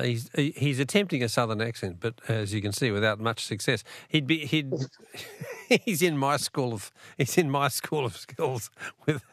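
Middle-aged Australian host, chatty and laughing, lively delivery, dry studio mic. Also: male voice, mid-range voice, vocal fry, no echo. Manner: chatty, chuckling, animated. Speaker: radio talkback quiz host. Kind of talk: casual radio chat. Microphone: studio microphone.

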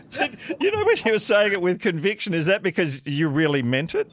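Lively radio host, man. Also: high-pitched, normal speed, a little hiss or hum. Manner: animated, jokey, laughs easily. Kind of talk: casual radio quiz chat.

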